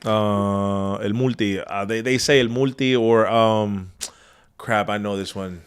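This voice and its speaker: Easygoing low-voiced man in conversation. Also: fairly even intonation, slow, smooth. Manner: easygoing, agreeable, laughs along. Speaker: guest contractor. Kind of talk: casual conversation.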